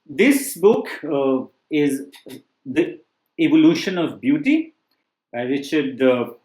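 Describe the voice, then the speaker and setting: A man's voice: on the high side, lively intonation, takes it slowly, darkish tone. A man giving casual book recommendations as a test-prep teacher, talking loosely with many fillers and restarts. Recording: echoey room.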